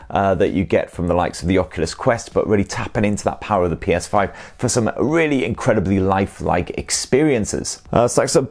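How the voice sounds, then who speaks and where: A man's voice: low-pitched, a little mellow. A man from Sunderland with a Northeast English accent, hosting a casual tech Q&A with cheeky, sweary jokes. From Sunderland, North East England. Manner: cheeky, sweary, jokey asides. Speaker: tech show host. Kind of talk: casual viewer Q&A.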